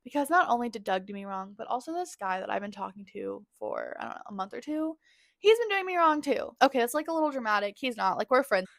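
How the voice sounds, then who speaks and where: A woman's voice: medium pitch, quick pace, gravelly, few pauses, dry recording, clean studio sound. A woman in her twenties hosting a podcast, telling dating stories in a candid, profane, dramatic way with lots of "like". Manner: candid and profane, heavy use of "like"; animated, dramatic storytelling. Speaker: podcast host. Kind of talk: casual storytelling monologue.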